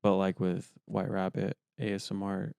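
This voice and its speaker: A young man co-hosting a podcast chats and rambles, leaning heavily on fillers. His low, creaky, darkish voice is clear and resonant but completely flat, delivered at a moderate pace in studio quality without room sound.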